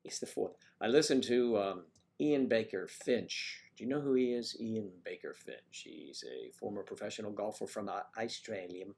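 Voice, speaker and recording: A man's voice: on the low side, lively intonation, moderate pace, gravelly, hardly any pauses, a little mellow. A man hosting a casual livestream, rambling and chatting with viewers by name as he reads the chat. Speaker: livestream host reading chat.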